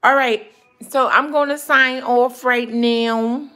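A woman's voice: a little high, steady tone, takes it slowly, pushed and bright. A woman hosting a casual family vlog at home, chatty and encouraging. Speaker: vlog host. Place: home, indoors.

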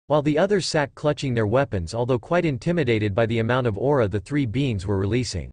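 A man's voice: mid-range voice, fast, few pauses, a little mellow, dry recording. A man narrating fan fiction aloud in a plain reading voice with small stumbles.

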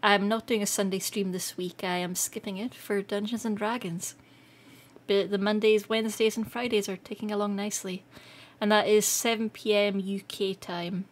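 A Scottish woman streaming live, chatting casually with viewers, excitable and quick to laugh. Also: medium pitch. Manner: excitable and giggly, laughs often. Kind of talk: casual livestream chat.

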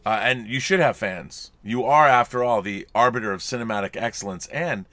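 Speaking a little fast at medium pitch, this podcast co-host is animated as he reads out viewer chats in playful voices. It's a casual livestream chat with joking asides, recorded with no room sound.

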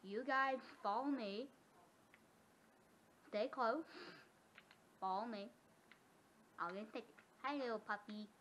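A woman giving casual gameplay commentary, excitable and often gasping or squealing. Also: fairly high pitch, slow pace, pauses often. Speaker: gamer. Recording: dull lo-fi sound with faint noise.

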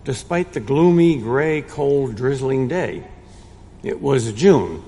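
An older man giving a prepared lecture in a measured way, with a dry, wry humor. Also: medium pitch, lively intonation, mellow. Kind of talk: prepared lecture read aloud. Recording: long reverb in a large room.

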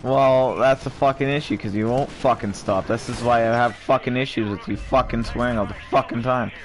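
A man's voice: medium pitch, fairly even intonation, brisk. A man hosting a co-op gameplay session, swearing constantly, teasing his partner and laughing often. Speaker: channel host playing co-op. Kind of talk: casual gaming chat.

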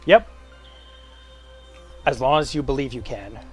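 A man co-commentating a game playthrough, offering tips in a halting, filler-laden way. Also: medium pitch. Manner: helpful, hesitant with fillers. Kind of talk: casual gameplay commentary. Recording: game music behind.

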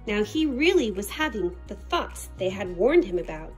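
A woman reading a picture book aloud as storyteller, expressive and unhurried. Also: medium pitch, slightly rough, soft background music. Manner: expressive and slow-paced.

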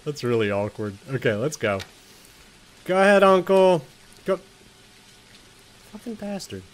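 A man's voice: on the high side, sing-song, normal speed. A young man commentating on a video game, joking, swearing and talking to the characters on screen. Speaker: gaming streamer.

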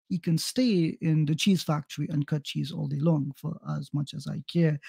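A man from South America co-hosting a livestream, hesitant with fillers but turning to sharp, mocking put-downs. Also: fairly high pitch, moderate pace, gravelly, hardly any pauses, slightly rough, no room sound. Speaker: co-host. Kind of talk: casual livestream chat.

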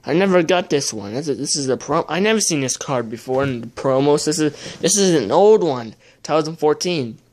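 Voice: medium pitch, expressive, moderate pace, few pauses, darkish tone. A young adult host muttering casual commentary while opening trading card packs, often swearing in frustration.

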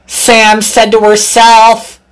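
A woman narrating a storybook tale in a slow, animated reading. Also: on the high side, clear, resonant tone.

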